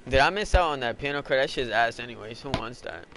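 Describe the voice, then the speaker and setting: A man's voice: medium pitch, expressive, quick pace, noisy background. A young man casually commenting while playing a basketball video game, swearing and trash-talking in slang. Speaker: gamer streaming a basketball game.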